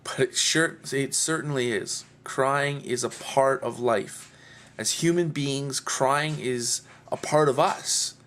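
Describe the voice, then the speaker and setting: Earnest man speaking slowly, heartfelt. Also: medium pitch, fairly bright tone. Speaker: video blogger. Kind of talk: personal talk to camera.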